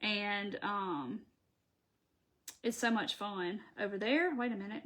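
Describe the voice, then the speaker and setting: Bright, chatty woman crafting live. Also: medium pitch, normal speed. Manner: chatty, folksy, talks to viewers as she works. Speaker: craft channel host.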